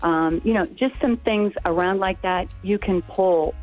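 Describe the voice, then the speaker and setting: A woman's voice: mid-range voice, unhurried. A woman who writes cookbooks, chatting practically in a radio interview with casual you-know fillers. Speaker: cookbook author. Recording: phone line with music.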